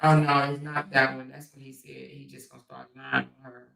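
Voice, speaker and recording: A woman's voice: very deep voice, flat delivery, fairly quick, creaky, a bit bright, far from the mic. A woman hosting a casual commentary livestream, talking bluntly and profanely and firing rhetorical questions at her viewers. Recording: echoey room, voice somewhat off mic.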